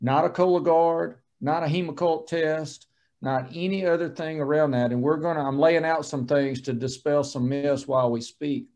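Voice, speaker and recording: A man's voice: fairly high pitch, fairly even intonation, moderate pace, a little mellow. A man, a surgeon giving a folksy, joking lunch-and-learn talk. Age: 40s. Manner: folksy, joking, plain-spoken. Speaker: colorectal surgeon.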